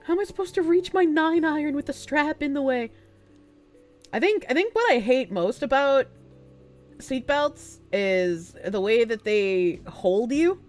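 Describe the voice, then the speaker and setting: A young woman streamer with a stuffy nose, chatting casually and softly with her chat, giggling and swearing freely. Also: high voice, lively intonation, a little slow, soft background music. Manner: soft-spoken, not loud, giggly, swears casually. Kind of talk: casual live-stream chat, reading chat messages aloud.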